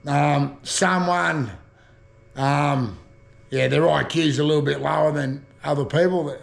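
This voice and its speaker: A man's voice: on the high side, steady tone, slow, vocal fry. A man with an Australian accent chatting casually about slang, rambling, swearing freely and laughing at his own jokes. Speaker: vlogger. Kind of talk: casual chat explaining slang.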